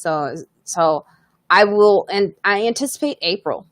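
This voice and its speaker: A woman's voice: mid-range voice, lively intonation, normal speed, no room sound, studio quality. Candid woman hosting a live chat. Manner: candid, conversational, reads viewer comments aloud. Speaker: podcast host and comedian.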